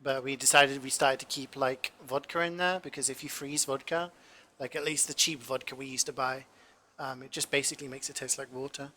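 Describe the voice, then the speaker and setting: A man's voice: mid-range voice, fairly even intonation, a little fast, sharp tone. A man in his twenties, a cooking streamer, rambling through casual stories with lots of fillers and the odd swear in a home kitchen. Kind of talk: casual chat while cooking.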